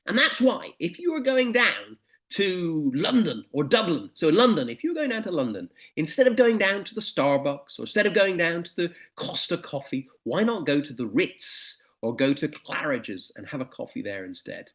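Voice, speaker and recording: A man's voice: fairly high pitch, moderate pace. A middle-aged man giving a motivational presentation, telling anecdotes and stories. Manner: anecdotal, animated storytelling. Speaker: motivational speaker.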